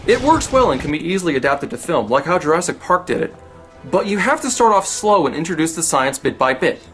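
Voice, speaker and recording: A man narrates a comedic film review in a slightly high voice that swings widely up and down. His delivery is sarcastic and lively, with dry jokes dropped between points. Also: a little fast, faint music behind.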